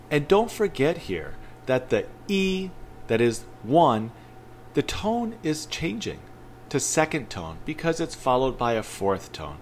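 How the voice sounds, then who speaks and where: A man teaching a recorded language lesson, patiently explaining grammar and repeating phrases slowly for learners to copy. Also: a little high, sing-song, a little hiss or hum. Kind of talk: pre-recorded lesson narration.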